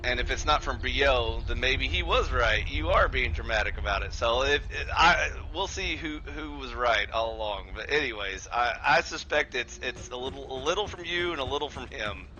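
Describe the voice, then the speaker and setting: A man's voice: medium pitch, lively intonation, moderate pace, hardly any pauses, bright, forceful tone, muffled recording, a little hiss or hum. A man chatting casually during a gaming live stream, sarcastic and rambling, with plenty of swearing. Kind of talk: casual live-stream chat over gameplay.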